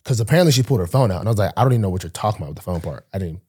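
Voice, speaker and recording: A young male podcast host, also a pro football player, races through a casual story with a breathy edge to his voice. Animated throughout, he mimics the people he quotes using big pitch jumps.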